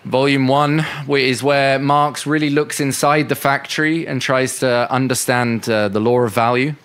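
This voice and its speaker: A man's voice: mid-range voice, fairly even intonation, normal speed, fairly bright tone, clear, resonant tone. A man giving an unscripted talk that answers audience questions, conversational and full of fillers and restarts. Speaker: speaker at a political education session.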